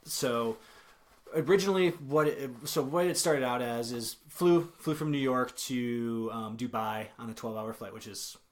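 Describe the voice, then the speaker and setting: A man's voice: mid-range voice, moderate pace. A young man as a podcast guest, telling a travel story in a casual, rambling way, full of ums, self-corrections and small chuckles. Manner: chuckles while telling stories.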